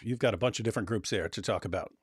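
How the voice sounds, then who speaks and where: A man's voice: on the low side, racing, slightly rough, no echo, clean studio sound. A man co-hosting a livestream, chatting casually and joking while reading viewer comments aloud. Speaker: livestream co-host.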